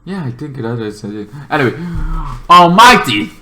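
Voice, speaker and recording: A man's voice: mid-range voice, sing-song, normal speed, bright, forceful tone. A man reviewing a show in casual chat, rambling with lots of fillers. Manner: rambling, full of fillers and restarts.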